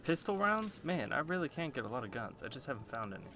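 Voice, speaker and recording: A man's voice: mid-range voice, very animated, quick pace, over music. A man giving casual gameplay commentary, swearing often and breaking into frustrated outbursts. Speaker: gameplay streamer.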